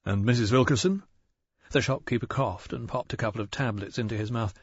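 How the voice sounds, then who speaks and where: A man narrating a mystery audiobook in a measured, even storytelling manner. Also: medium pitch, slightly rough, no echo, muffled recording. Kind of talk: scripted narration.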